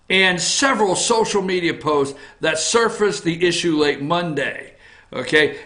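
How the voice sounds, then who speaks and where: A man hosting a political opinion show from an office, ranting bluntly with swearing, repetition and frequent shouting. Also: sits high, reverberant. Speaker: talk show host.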